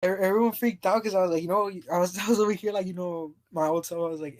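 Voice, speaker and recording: A man's voice: high voice, fairly even intonation, fast talker, few pauses. Man, podcast co-host, casual storytelling, rambling, frequent laughter, stumbling restarts.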